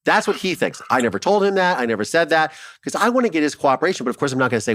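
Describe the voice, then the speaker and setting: A male filmmaker from Ohio telling his story as an interview guest, animated and swearing freely, acting out what others said. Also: on the high side, very fast, dry recording, clean studio sound. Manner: animated, swears freely, acts out quoted dialogue.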